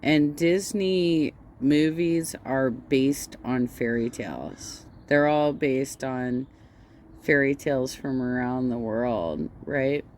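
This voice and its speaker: A blunt, mocking commentator talks slowly in casual reaction chat. A faint hiss of noise runs under the voice. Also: medium pitch, a little mellow. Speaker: commentary streamer.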